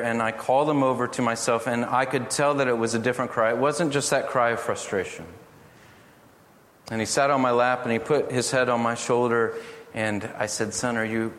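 A middle-aged man preaching a sermon, telling family stories in an earnest, gently humorous way. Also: mid-range voice. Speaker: pastor. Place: church hall. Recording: echoey hall from far off, faint noise.

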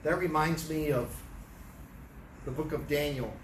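Brief: man Bible teacher, high voice, roomy echo from a distant mic. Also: measured pace. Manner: conversational, with many restarts, paraphrasing scenes. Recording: echoey room, distant mic, faint noise.

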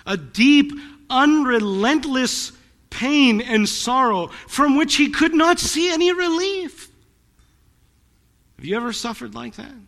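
A man's voice: very high voice, animated, slow pace, a bit bright, in a large hall. A man pastor preaching a sermon to his congregation in a church, earnest and dramatic. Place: church sanctuary.

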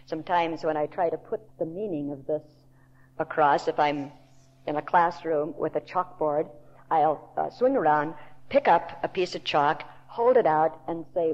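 A woman Bible teacher giving a sermon in a deliberate, emphatic storytelling manner. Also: low-pitched. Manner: slow, deliberate, emphatic storytelling with quoted voices. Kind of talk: recorded sermon to a women's audience. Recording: dull lo-fi tape recording.

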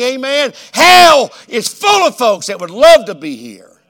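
Male preacher, sermon delivery, high and gravelly, with a loud-to-hushed dynamic swing. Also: expressive. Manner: swings between loud emphatic declarations and hushed, drawn-out phrases.

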